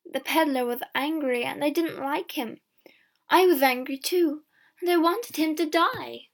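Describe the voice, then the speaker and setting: A ragged, hot-tempered young woman , as a woman reader puts her on, answers in a fairly high voice that climbs when pushed. She talks defiantly and never backs down. This is a storybook reading. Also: a little slow, gravelly.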